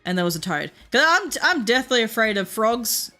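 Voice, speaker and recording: A woman's voice: on the high side, big pitch swings, normal speed, pushed and bright, soft background music. An Australian woman streaming a game and chatting casually, swearing freely and laughing through her stories. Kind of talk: casual chat while gaming.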